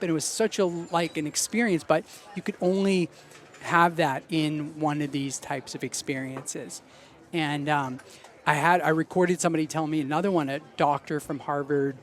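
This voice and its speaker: A man as a podcast guest, casually telling anecdotes and acting out the voices of the people in them. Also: fairly high pitch. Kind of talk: casual storytelling.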